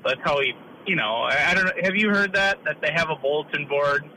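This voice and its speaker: Guy calling in, rambly, laughs a lot, sharp bright voice, faint hum behind. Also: on the high side, low-quality recording. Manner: rambling, laughing, halting restarts. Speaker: caller. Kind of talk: casual call-in chat.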